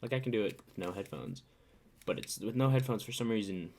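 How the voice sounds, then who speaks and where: Between songs, a male singer-songwriter chats into his own studio mic with headphones on, his fairly low, slightly mellow voice lively and a bit quick. Rambling, he self-corrects and drifts into mumbled asides in a dry indoor room, with acoustic guitar and slight noise behind him.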